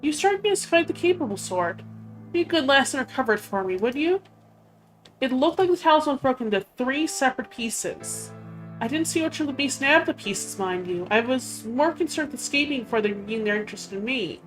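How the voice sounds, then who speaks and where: A woman's voice: sits high, lively intonation, a little fast, faint music behind, pitched above the performer's own voice. A woman reading a hot-tempered male knight's dialogue aloud, in a raised, emphatic voice. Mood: pleading. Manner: reads quest dialogue aloud with lifted emphatic delivery.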